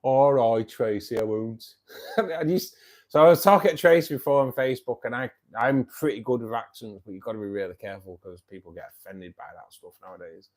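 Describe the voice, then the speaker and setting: A man's voice: medium pitch, fast. A man, tired and self-mocking, chatting casually and laughing often as host of a live stream. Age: 50s. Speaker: livestream host.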